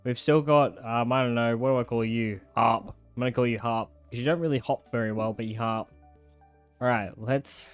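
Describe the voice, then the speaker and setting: A young man talks his way through a video game as he plays, muttering plans and breaking into sudden excited yelps. His voice sits at an ordinary middle pitch. Soft game music plays quietly underneath. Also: moderate pace, smooth, dry recording. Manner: chatty, talks to himself, jumpy excited outbursts. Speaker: gaming content creator. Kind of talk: live let's-play commentary.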